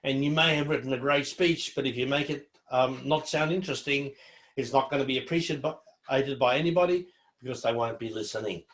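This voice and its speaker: A man's voice: mid-range voice, a little fast, a bit bright, echoey room. A man presenting a student seminar in a friendly, encouraging, conversational way.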